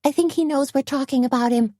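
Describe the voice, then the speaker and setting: A woman's voice: sits high, a little fast, warm tone, dry recording, studio quality, voice pushed up, close to an everyday voice. A woman voicing a chatty, teasing small-town woman friend in an audiobook, raised and perky. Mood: gossipy.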